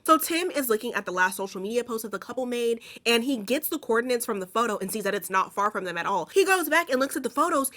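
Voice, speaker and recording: A woman's voice: medium pitch, a bit bright. Chatty, profane young woman recapping a film. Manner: chatty, slangy and profane, many "like" fillers. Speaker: movie recap host. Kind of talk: casual movie recap commentary.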